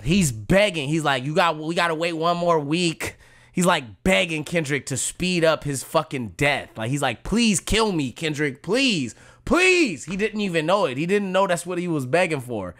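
A man with a bright, forceful and slightly high voice talks through rap diss tracks. He is profane and animated, mocking what he hears and laughing along. The sound is close to the mic. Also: moderate pace. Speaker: rapper reacting to diss tracks. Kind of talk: casual reaction commentary.

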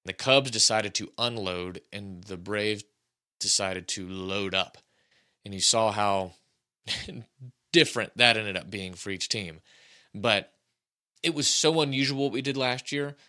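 A man in his thirties hosting a casual sports podcast, talking in an animated, rambling, jokey way. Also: on the low side, unhurried. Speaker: podcast host.

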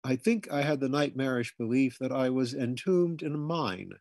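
A man reading a humorous memoir aloud in scripted narration, now and then jumping into loud, high shouts for the family members he quotes. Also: normal speed, no room sound. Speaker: audiobook reader.

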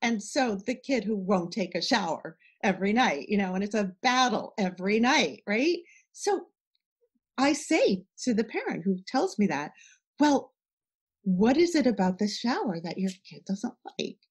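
Lively, animated woman guest. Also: medium pitch, unhurried, breathy edge. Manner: animated, talks through examples with acted-out dialogue. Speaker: podcast guest, parenting educator. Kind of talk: casual podcast interview.

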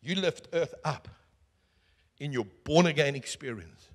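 A man preaching a sermon as pastor, swinging from booming calls to hushed asides and asking the crowd questions. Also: animated, unhurried. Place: church hall. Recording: echoey church hall.

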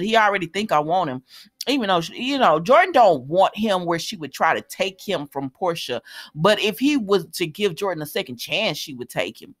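A woman with a slightly low voice retells a soap episode in casual, colloquial chat. She breaks in with her own wry asides and speaks straight to her viewers. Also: lively intonation, moderate pace. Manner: chatty, retells scenes with running commentary and laughs; colloquial, addresses viewers as y'all. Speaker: soap opera recap host.

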